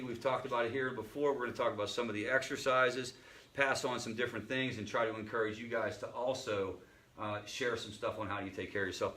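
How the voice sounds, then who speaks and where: Male group facilitator, mid-pitched, casual storyteller who talks with the group rather than at it. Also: bright, forceful tone. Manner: conversational storyteller, asks the group questions, frequent restarts. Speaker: family recovery group facilitator. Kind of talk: informal teaching talk to a support group.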